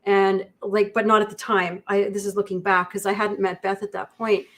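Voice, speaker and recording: Flat-voiced woman speaking haltingly. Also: medium pitch. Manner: halting, reflective, many pauses. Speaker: guest. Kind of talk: livestream conversation. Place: indoor studio.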